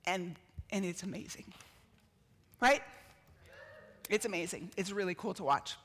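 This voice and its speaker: A middle-aged woman giving an animated storytelling sermon, acting out quotes with laughs and shouts. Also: fairly low pitch, a little slow, slightly rough, in a large hall. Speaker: speaker at a church gathering.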